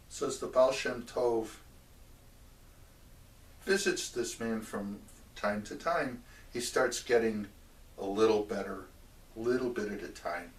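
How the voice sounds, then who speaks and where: Slow, deliberate male storyteller. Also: on the low side. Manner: slow, measured telling with asides to the listener. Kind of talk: oral storytelling of a religious tale. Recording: roomy echo, mic at a distance.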